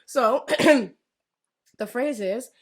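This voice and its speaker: Playful woman co-host, chatty and giggly, slightly high voice. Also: very slow. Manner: teasing, laughs often. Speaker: podcast co-host. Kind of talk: casual chat.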